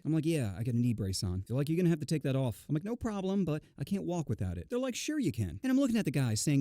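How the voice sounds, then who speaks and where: A man's voice: on the high side, big pitch swings, fast talker, hardly any pauses, warm tone, no room sound, soft background music. A man narrating a crude comedy story with brash, exaggerated delivery and mock-outraged outbursts.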